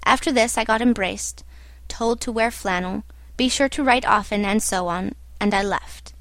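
A woman giving a measured, literary audiobook narration. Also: medium pitch, a bit bright, no echo.

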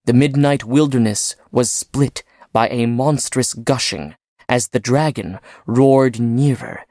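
A man reading a story aloud in dramatic narration, phrase by phrase with pauses. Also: mid-range voice, a little mellow, no echo, clean studio sound.

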